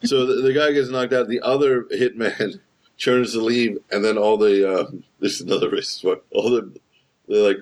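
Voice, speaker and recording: Male podcast co-host, deeper voice, loose joking delivery, playful impressions. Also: steady tone, moderate pace. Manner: jokey, acts out movie lines in put-on voices. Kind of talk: casual comedic chat.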